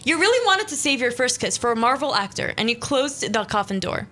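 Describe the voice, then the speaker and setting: A woman's voice: fairly high pitch, very animated, brisk, bright, forceful tone, faint music behind. A young woman hosting a casual radio show, chattily reading out an interactive scary story and breaking off to comment. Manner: chatty, self-interrupting, reads the story aloud.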